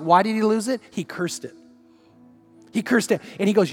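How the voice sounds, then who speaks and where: A man's voice: sits high, brisk, long pauses, darkish tone, slightly rough, in a large hall, faint music behind. A man preaching as pastor, telling stories conversationally and asking repeated rhetorical questions. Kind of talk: sermon.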